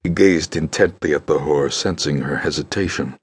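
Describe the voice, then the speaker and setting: A man narrating an audiobook with a very low, deep voice. His tone is husky and a bit rough, and he reads in a measured, grave way. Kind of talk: scripted narration.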